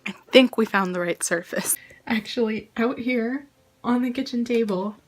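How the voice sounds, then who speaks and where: A woman's voice: a little high, normal speed. A young woman chatting casually in a home vlog, bubbly and giggly, recorded at home on a camera mic. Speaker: vlogger and singer. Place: home, kitchen.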